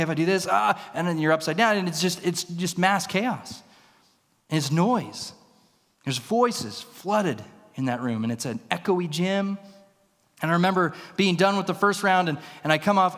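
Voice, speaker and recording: A man with a slightly high voice preaches in a church, and his words ring out with a long reverb. He tells his story vividly and acts out the other voices in it. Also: fairly bright tone. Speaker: pastor. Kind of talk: storytelling sermon. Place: church sanctuary.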